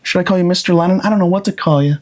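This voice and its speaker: Casting: a man doing a meek, pleading boy, pitched up and timid. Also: rapid-fire, lightly acted. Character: timid, needy twelve-year-old boy.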